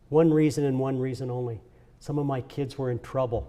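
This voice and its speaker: With a mid-range, mellow voice, a level tone and a slightly fast pace, an older honoree speaks at a charity event. It's a heartfelt personal talk of earnest, emotional storytelling with repeats.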